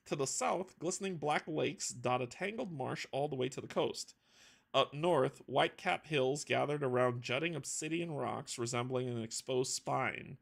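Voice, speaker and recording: A man's voice: mid-range voice, vocal fry, a bit bright. A man narrating as game master of a tabletop horror game, reading scripted text aloud with stumbles and laughing asides.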